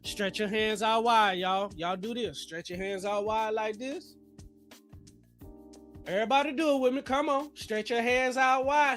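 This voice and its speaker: A man with a high voice hosts a live trading stream. He talks in loose, slangy bursts, pumping up his viewers, while faint music plays underneath. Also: normal speed. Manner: energetic, slangy, hypes the chat. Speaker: livestream trading host. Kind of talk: hype livestream chat.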